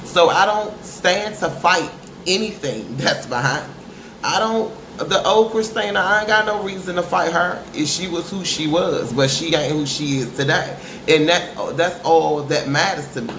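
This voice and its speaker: A woman's voice: fairly low pitch, moderate pace, fairly bright tone. A middle-aged woman speaks to camera in a candid, emphatic, preachy way, often calling her listeners honey. Her voice rings in a reverberant room. A faint hiss sits under the recording. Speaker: parent giving advice. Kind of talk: candid motivational talk to camera. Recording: echoey room with faint noise.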